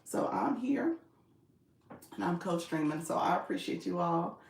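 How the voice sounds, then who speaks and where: A woman's voice: lowish voice, lively intonation, a little slow, creaky, slight background noise. A woman coaching viewers on a live stream, chatting casually, laughing often and reading their comments aloud. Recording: echoey room.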